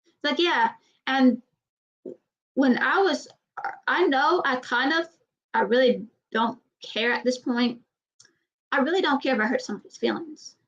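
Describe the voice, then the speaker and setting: A woman with a light Southern US accent, talking in a candid, rambling, blunt way. Her voice sits high. The recording sounds dull and lo-fi. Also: fairly bright tone. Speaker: vlogger. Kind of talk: casual chat.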